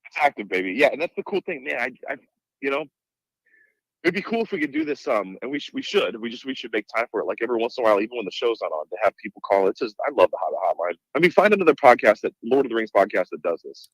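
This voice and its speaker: A man's voice: medium pitch, sing-song, racing, no echo, poor audio. A man co-hosting a live call-in podcast, talking in an enthusiastic, effusive way. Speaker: podcast co-host.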